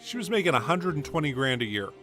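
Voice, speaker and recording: A man's voice: a little high, sing-song, fast talker, a bit bright, soft background music. A man, streaming a game and telling meandering stories full of fillers and restarts. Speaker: gaming streamer. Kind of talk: rambling casual storytelling over gameplay.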